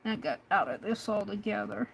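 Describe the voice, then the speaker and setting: A woman's voice: mid-range voice, lively intonation, fairly quick, vocal fry, slight background noise, low-quality recording. A woman hosting a craft livestream, chatting casually and hesitantly with an AI assistant, with many fillers. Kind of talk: casual livestream talk to a chatbot.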